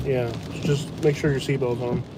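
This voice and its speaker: A man vlogging live from inside a truck during a hurricane, talking in a blunt, mocking, excitable way. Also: medium pitch, normal speed. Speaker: storm-chasing vlogger. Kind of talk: live storm commentary. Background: rain and wind.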